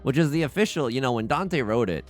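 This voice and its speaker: Animated young man commentating a game. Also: medium pitch, fast, soft background music. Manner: dramatic, self-mocking, swings from hushed to yelling. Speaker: let's play host. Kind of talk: casual gameplay commentary.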